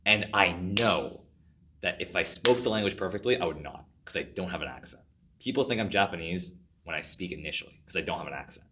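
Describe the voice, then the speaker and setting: A man in his twenties from California, a podcast guest telling stories in an animated, jokey and dramatic way. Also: sits low, brisk, background noise. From California, USA. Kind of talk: casual podcast chat.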